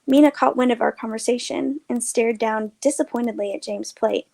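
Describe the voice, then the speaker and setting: Female host, scripted story reading, light voice, measured and expressive. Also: a little high, vocal fry.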